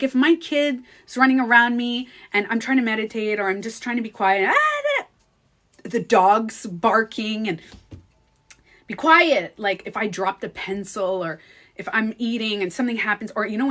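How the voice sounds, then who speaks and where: Woman vlogger, fairly high voice, casual animated storyteller who curses freely. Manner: animated, swears freely, acts out quoted speech. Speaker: beauty coach vlogger.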